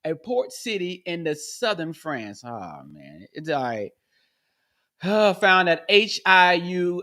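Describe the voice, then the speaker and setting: A man hosting a podcast, delivering a comedic monologue with goofy sound effects, jumping from high yelps to low mutters. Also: pushed and bright. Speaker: podcast host.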